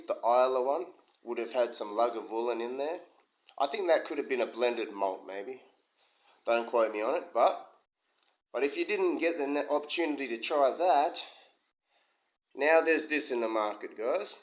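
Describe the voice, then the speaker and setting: A man giving a casual, rambling whisky review from his home kitchen, full of asides. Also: mid-range voice. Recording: dull lo-fi sound with slight room echo.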